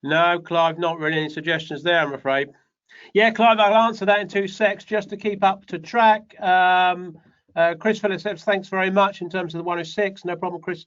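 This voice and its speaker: A man with a notably high voice coaches property developers, rambling and joking as he talks. The sound is dull and lo-fi, like a video call. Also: moderate pace, a bit bright. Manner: chatty, rambling, joking asides. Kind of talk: online Q&A session. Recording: dull lo-fi online call audio.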